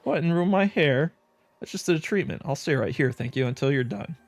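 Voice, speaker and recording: A man's voice: mid-range voice, brisk, no room sound, natural voice. A man voicing a vain, preening dandy adventurer who fusses over his hair, airy and self-satisfied. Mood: prissy.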